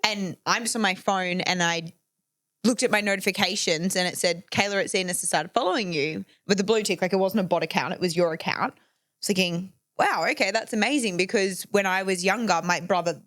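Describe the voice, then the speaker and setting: A woman's voice: medium pitch, brisk, no room sound, studio quality. A woman, a fitness trainer guest, telling stories in a casual podcast chat with lots of laughter. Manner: animated storyteller, laughs often.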